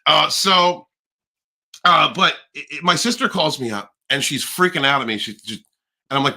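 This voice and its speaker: Animated, swearing man hosting a livestream. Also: fairly high pitch, moderate pace, creaky. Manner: animated, profane, rambling with restarts. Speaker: livestream host. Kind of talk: casual livestream chat.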